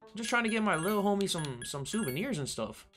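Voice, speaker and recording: A man's voice: high-pitched, very animated, fast talker, a bit bright, faint music behind. Young New man, casual gameplay commentary, loose and profane, reads text aloud. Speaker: streamer.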